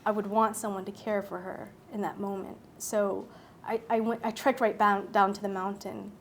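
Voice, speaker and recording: A woman speaking at a public talk, telling a personal story in an animated way, acting out her own thoughts and laughing often. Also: mid-range voice, normal speed, slight background noise.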